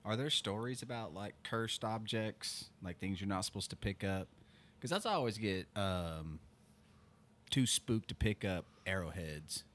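A man's voice: fairly low pitch, measured pace, a bit bright. A man co-hosting a podcast, casually asking his co-hosts questions in an easygoing way. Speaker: podcast co-host. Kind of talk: casual chat.

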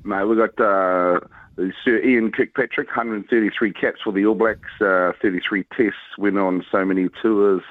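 A man's voice: on the low side, fairly even intonation, moderate pace, no room sound. A man with a New Zealand accent phoning a radio show, proudly naming his sporting heroes. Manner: proud, rambling. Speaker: caller. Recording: tinny dry phone line.

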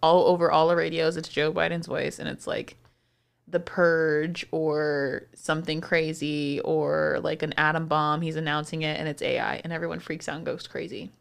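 A young woman with a smooth, clear voice set a little low co-hosts a casual podcast. She talks in an animated, loose way, swears freely and slips into quick impressions of other people. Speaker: podcast co-host. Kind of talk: casual chat.

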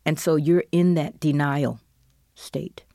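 A middle-aged woman, a guest telling of her loss, swinging between loud outbursts and hushed whispers. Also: low voice, fairly even intonation, takes it slowly, vocal fry, no room sound, clean studio sound. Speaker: interview guest, bereaved mother. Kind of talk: emotional personal testimony.

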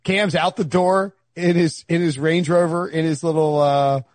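A married man hosting a sports podcast, riffing in an animated, exasperated way with stumbles and restarts. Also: a little high, moderate pace, dry recording. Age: adult, married. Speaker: podcast host. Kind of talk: casual sports podcast chat.

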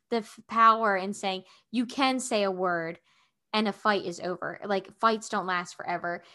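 A woman co-hosting a casual couples podcast, telling stories in a rambling, animated way full of filler words. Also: medium pitch. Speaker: podcast co-host.

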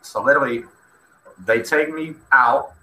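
A man from Texas hosting a casual show, telling a story in an animated way and acting out the quoted dialogue. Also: mid-range voice, a little slow. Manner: animated, acts out quoted dialogue, talks to chat. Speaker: host. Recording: echoey room with faint noise.

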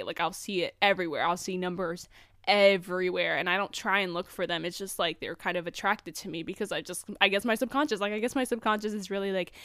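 Chatty young woman, smooth and close. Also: medium pitch, fast talker, dry recording. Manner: chatty, animated, full of "like" and quoted dialogue. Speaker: vlogger. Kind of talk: casual storytime chat.

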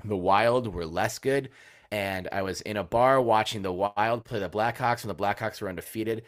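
A man hosting a casual sports podcast, telling animated stories that swing between loud outbursts and low asides, and swearing casually. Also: normal speed. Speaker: podcast host.

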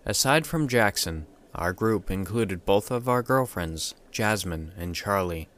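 Low-voiced man narrating a horror story. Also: animated, measured pace, fairly bright tone.

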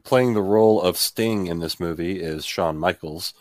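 A man's voice: deep voice, moderate pace, no echo, clean studio sound. A man co-hosting a wrestling podcast, telling stories casually. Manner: relaxed, storytelling with acted-out quotes. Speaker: podcast co-host. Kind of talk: casual wrestling review chat.

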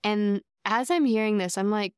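A woman's voice: medium pitch, moderate pace, smooth, no echo, clean studio sound. A woman sharing a heartfelt personal faith story on a podcast, earnest and chatty, with lots of casual fillers. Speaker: podcast co-host.

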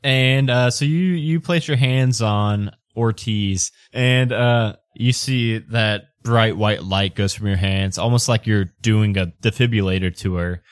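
A man's voice: fairly low pitch, a little slow, hardly any pauses, clear, resonant tone, no echo. Dry, close game master man. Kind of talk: narrating a tabletop game.

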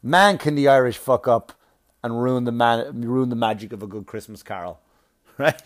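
A man doing stand-up, telling a long story in a profane, animated way with laughing asides. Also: mid-range voice, normal speed. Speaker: comedian.

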